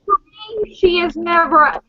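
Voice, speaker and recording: A woman's voice: very high voice, normal speed, a crowd in the background. A woman co-hosting a fan podcast in casual chat, talkative and laughing along. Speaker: podcast co-host. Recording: dull dry lo-fi podcast audio.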